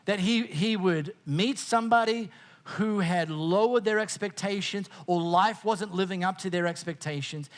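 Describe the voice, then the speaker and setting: A middle-aged Australian man preaching a sermon as pastor, conversational and jokey, with frequent quick restarts. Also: high-pitched, a bit bright.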